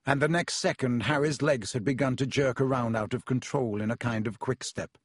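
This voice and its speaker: A man's voice: mid-range voice, slightly rough, no echo. Man narrating an audiobook, dry close sound. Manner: measured storytelling with voiced characters.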